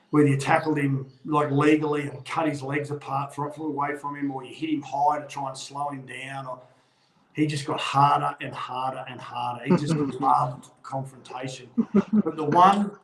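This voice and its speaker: In a rough recording with a roomy sound, a middle-aged Australian man, once a rugby league player, chats casually and tells stories. His voice is mid-range. He animates his yarns by acting out the voices of the people he quotes.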